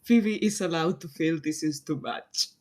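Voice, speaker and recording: A tabletop role-play player describing their character's actions in a halting, unhurried way, laughing often. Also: mid-range voice, a little mellow.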